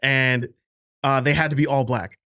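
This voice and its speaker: A man's voice: mid-range voice, steady tone, moderate pace, sharp tone, dry recording, clean studio sound. A young man from the Bronx, chatting casually as a podcast guest, slangy and profane, often asking "you know what I mean.". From the Bronx, New York. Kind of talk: casual chat. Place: podcast studio.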